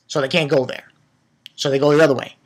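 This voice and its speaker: Husky guy hyped up recapping an anime ep, swears a lot, trips over his words. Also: fairly high pitch, fast. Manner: excitable, profane, lots of restarts. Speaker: anime reviewer. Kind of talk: casual episode recap.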